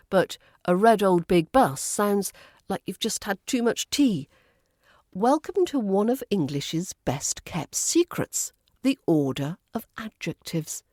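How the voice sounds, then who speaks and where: Woman, British RP, accent coach, slow measured delivery, close dry sound. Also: medium pitch, a little mellow, no room sound. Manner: slow, careful, model-phrase delivery. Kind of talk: scripted teaching narration.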